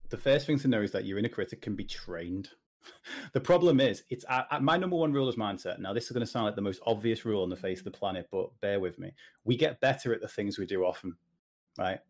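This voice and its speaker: A British man with a lowish voice, chatting as a guest in a relaxed interview. He talks in an animated way, full of jokey asides. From Britain. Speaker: podcast guest, confidence coach. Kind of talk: casual interview chat.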